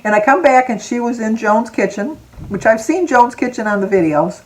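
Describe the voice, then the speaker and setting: A woman's voice: on the high side, lively intonation, normal speed, rough recording. A woman in her sixties telling a personal story to her viewers in a chatty, rambling way, close to tears and laughing now and then. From Michigan, USA. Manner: chatty and rambling, drifting off topic with asides and laughs. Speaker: vlogger. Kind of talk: casual personal storytelling to camera.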